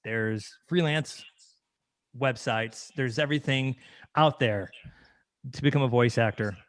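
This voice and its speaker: A man hosts a casual podcast interview and sounds enthusiastic and affirming. His voice sits at a middle pitch. The recording is dry, with no room sound. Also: unhurried, dry recording. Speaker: podcast host.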